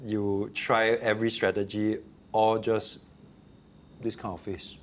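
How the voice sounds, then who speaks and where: Animated Singaporean male teacher. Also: lowish voice, unhurried, slight background noise. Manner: animated storyteller, acts out quotes. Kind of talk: casual interview answer.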